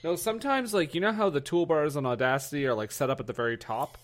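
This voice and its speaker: A man's voice: on the high side, quick pace. A young man co-hosting a podcast in casual chat, rowdy and joking and swearing freely, recorded over a remote call. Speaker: podcast co-host.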